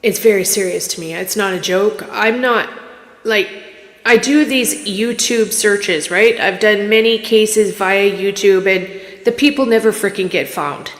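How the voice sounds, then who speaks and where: A woman's voice: medium pitch, unhurried. A woman from Canada who works as a psychic medium, chatting on a casual livestream in a candid, rambling, emotional way with many restarts. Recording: echoey room with long reverb.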